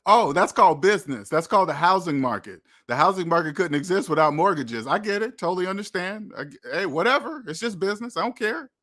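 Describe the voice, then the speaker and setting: A man's voice: sits high, lively intonation, fast talker, hardly any pauses, a bit bright. A man hosting a money channel, lecturing viewers in a preachy, repetitive way and acting out imagined quotes. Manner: preachy, repetitive, addresses viewers as debt slaves. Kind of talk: motivational monologue.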